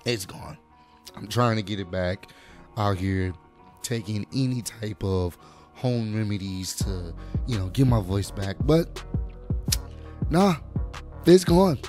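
A young man with a hoarse, nearly lost voice, casually reacting to wrestling clips as host of his own video. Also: lowish voice, animated, takes it slowly, long pauses, darkish tone, faint music behind. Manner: laid-back, chatty, swears now and then.

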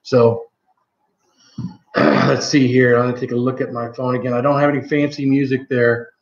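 A man's voice: mid-range voice, little pitch movement, normal speed, gravelly. Rambling man on a live stream. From Michigan, USA. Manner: rambling, many ums and self-corrections. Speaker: channel host. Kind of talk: casual live-stream chat. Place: home. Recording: roomy, slightly dull home audio.

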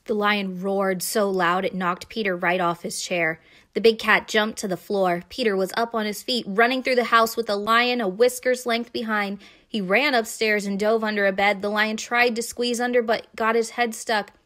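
A young adult woman reads a children's story aloud with expressive, animated narration. Her voice sits at a middle pitch. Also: moderate pace.

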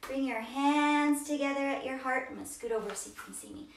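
A woman teaching a children's yoga storytime, reading aloud in a slow, coaxing, sing-song way. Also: high-pitched. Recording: roomy, distant from mic.

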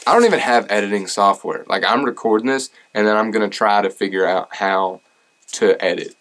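A man's voice: on the low side, a little fast, a bit bright, a little hiss or hum. A man reading fan mail in a casual vlog, rambling, joking and poking fun at himself. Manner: joking, rambling and self-deprecating. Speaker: country singer and YouTuber. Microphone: camera rig at home.

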